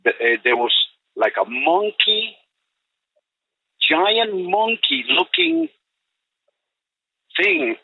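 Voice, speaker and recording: Older man, husky, lively pitch, rambling phone-in storyteller, tinny line. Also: very slow, pauses often, dry recording. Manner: rambling, full of "you know" and restarts. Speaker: guest recounting an encounter. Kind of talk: storytelling on a call-in podcast. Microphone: telephone.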